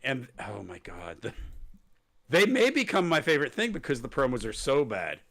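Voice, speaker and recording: A man hosting a wrestling podcast, talking casually and sarcastically. His pitch swings widely as he mocks promos in put-on voices. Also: huge pitch swings, normal speed, gravelly, fairly bright tone. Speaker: podcast host. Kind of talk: casual wrestling recap chat.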